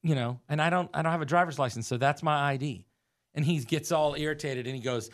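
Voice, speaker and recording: Animated storytelling man, higher voice. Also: quick pace. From United States. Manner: animated storyteller who acts out quoted voices. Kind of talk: casual chat, storytelling.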